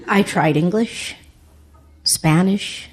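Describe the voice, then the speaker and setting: A woman's voice: on the low side, extremely slow. A middle-aged woman doing a stand-up comedy set, chuckling through her own punchlines.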